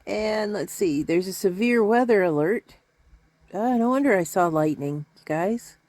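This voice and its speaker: A woman's voice: mid-range voice, animated, unhurried, a little mellow, no echo. A middle-aged woman talking to her viewers from home in a rambling, chatty, self-deprecating way. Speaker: vlogger. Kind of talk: casual chat to camera. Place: at home, indoors.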